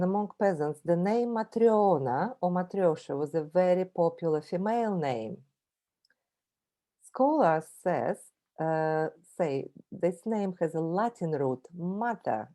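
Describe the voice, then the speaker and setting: Russian-accented woman with a low, mellow voice. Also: expressive. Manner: friendly, explains slowly, drills words by repeating them. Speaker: presenter and language teacher. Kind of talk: informal travel presentation with mini language lesson.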